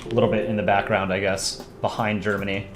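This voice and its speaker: A man's voice: lowish voice, quick pace, roomy sound, music in the background. Chatty man live-streaming while he draws. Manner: relaxed, chatty, thinking aloud while drawing, reads chat requests. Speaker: streamer drawing for chat. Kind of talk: casual live-stream chat while drawing.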